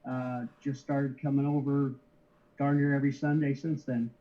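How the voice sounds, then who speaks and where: A man's voice: medium pitch, flat delivery, mellow. A middle-aged man telling his story as an interview guest, casually, with lots of restarts and easy chuckles. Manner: halting, many restarts, easygoing chuckles. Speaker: interview guest, card shipper. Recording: slightly dull lo-fi audio.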